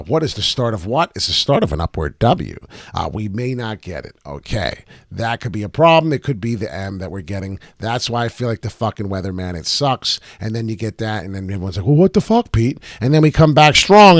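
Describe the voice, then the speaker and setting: A man's voice: mid-range voice, dry recording, studio quality. A man hosting a casual livestream about crypto charts, brash and profane, tossing out rhymes and hype as he talks. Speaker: crypto chart analyst and show host. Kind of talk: casual livestream market commentary.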